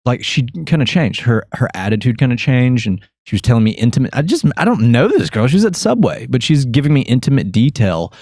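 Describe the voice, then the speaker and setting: A man's voice: medium pitch, very animated, brisk, hardly any pauses, darkish tone, dry recording, studio quality. A man hosting a podcast, chatting casually and telling a story in an opinionated way, acting out both sides of the exchange. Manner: frequent restarts and repeated "I was like". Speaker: podcast host.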